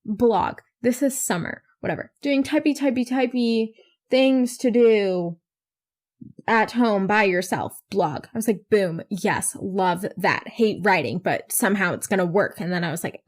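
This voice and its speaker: A teenage girl hosting her own podcast, talking in a rambling, self-mocking way and swearing casually. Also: medium pitch. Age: teens. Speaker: podcast host. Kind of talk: casual solo podcast chat.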